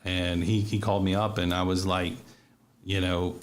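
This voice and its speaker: A man with a fairly low voice tells animated stories from film sets and laughs often. The interview is casual, with a faint hiss of background noise under his voice. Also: moderate pace. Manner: animated anecdotes, frequent laughter. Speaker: actor and casting director, interview guest. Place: radio studio or streamed call.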